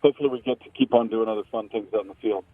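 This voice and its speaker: A man's voice: on the low side, racing, dry recording. A man calling in as a radio show guest, chatting casually with wry, dry humor over a phone line. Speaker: guest, sports broadcaster.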